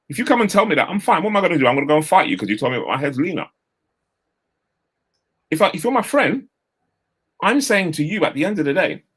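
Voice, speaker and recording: A man, giving an energetic, straight-talking motivational talk over a video call. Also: sits high, breathy edge. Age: 50s. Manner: energetic, straight-talking, uses London street slang. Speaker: guest speaker.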